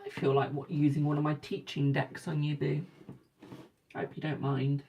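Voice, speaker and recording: Brief: British woman, tarot reader on a live stream, deep voice with a bit of fry, chatty and affectionate, slightly tired. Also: monotone, normal speed, a little mellow, slight background noise. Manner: chatty, calls viewers darling and boo. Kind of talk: casual live-stream chat and readings.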